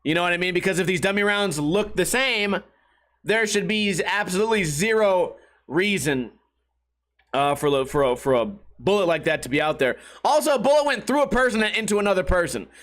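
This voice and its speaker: A man with a notably high voice talks solo on his comedy podcast. He rambles loosely, swears freely and drifts between stories in a casual monologue. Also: a little fast. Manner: profane, rambling, animated storytelling. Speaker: podcast host.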